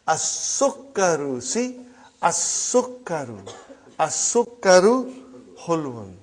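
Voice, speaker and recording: A man's voice: on the high side, a little mellow. A man teaching a language class, drilling phrases and often checking in with a questioning "huh?". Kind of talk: classroom lesson.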